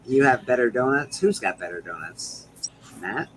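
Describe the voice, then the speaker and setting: A man's voice: mid-range voice, lively intonation, normal speed, background noise. A Canadian man co-hosting a podcast, chatting casually with wry, self-deprecating asides. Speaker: podcast co-host. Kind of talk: casual chat.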